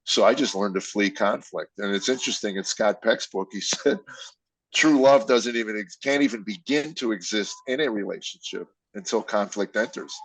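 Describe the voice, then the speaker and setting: A man's voice: lowish voice, moderate pace, slightly rough, no echo, rough recording. An older man, a comedian guest, telling candid personal stories with emotion and acting out quoted dialogue.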